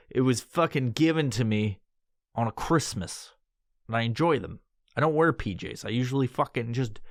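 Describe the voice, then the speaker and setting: A man in his thirties, a podcast host, telling a rambling, profane story in casual talk and breaking into loud high-pitched voices when he quotes someone. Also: no echo, studio quality.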